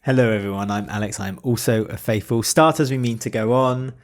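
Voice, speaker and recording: A man's voice: medium pitch, fairly even intonation. Chatty British man co-hosting a podcast. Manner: chatty, joking, quick asides. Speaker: podcast co-host. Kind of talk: casual chat.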